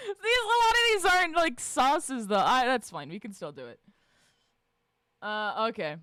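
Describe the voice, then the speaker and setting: A woman streamer chatting casually with her live chat, swearing freely, laughing often and shouting out greetings. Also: a little high, wildly swooping pitch, moderate pace, clear, resonant tone, no room sound, studio quality. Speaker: livestreamer reading and answering chat.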